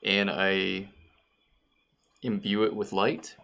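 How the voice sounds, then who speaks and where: A man's voice: on the low side, flat delivery, slow, creaky, sharp tone. A man playing a tabletop game, joking around in casual chat. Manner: playful, jokey. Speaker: player.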